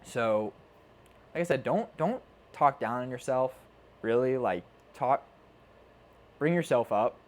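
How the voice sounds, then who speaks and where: A man coaching viewers on self-improvement in a casual, earnest motivational talk, often repeating himself and swearing now and then. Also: medium pitch. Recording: faint background noise.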